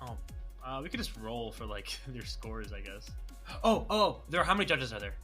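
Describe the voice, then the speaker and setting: A man playing a tabletop game with friends, chatting quickly and jokingly. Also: mid-range voice, animated, bright, forceful tone, faint music behind. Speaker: player. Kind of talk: casual tabletop play.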